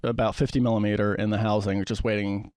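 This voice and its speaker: A man hosting a casual chat, recounting events in an animated way with plenty of fillers. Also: fairly low pitch, fast, no room sound, clean studio sound. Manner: animated storytelling, frequent fillers. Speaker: podcast host.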